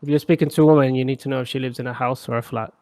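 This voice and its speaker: A man's voice: mid-range voice, fairly even intonation, rapid-fire, darkish tone, no room sound. A man teaching a casual live language class, chatty and often checking that students follow. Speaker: Arabic teacher.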